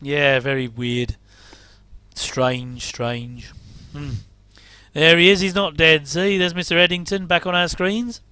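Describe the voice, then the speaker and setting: Chatty man, bright crisp voice. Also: on the high side, moderate pace, dry recording. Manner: chatty, rambling asides, wry jokes and chuckles. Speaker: commentator reacting to an old TV episode. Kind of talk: casual watch-along commentary.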